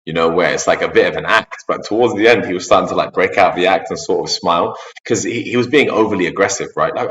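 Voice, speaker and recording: A man hosting a reaction video, giving hesitant, measured commentary. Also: sits low, a bit bright. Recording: echoey, distant, dull sound.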